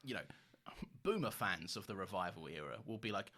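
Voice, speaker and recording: A man co-hosting a podcast in casual chat, animated and laughing often, with quick restarts. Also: low-pitched. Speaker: podcast co-host.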